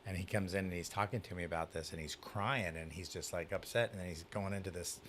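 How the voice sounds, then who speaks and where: A man's voice: low voice, quick pace, slight background noise. A man, a pastor, telling a story in casual chat and acting out the dialogue. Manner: animated storyteller, acts out dialogue. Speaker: youth pastor.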